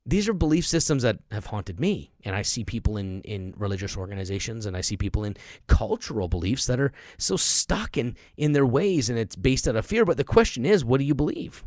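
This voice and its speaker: A middle-aged podcast host delivers an emphatic motivational monologue, acting out the voices of the people he quotes. His mid-range voice swings widely in pitch and is a little mellow, moving a little fast with few pauses. The studio sound is clean, with no echo.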